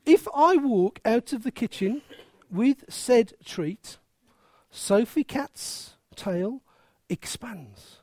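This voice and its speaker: This preacher delivers a sermon with emphasis and playfulness, slowly and deliberately, full of rhetorical questions. The voice is mid-range, warm and lively in its intonation, captured dry and close with no sense of room.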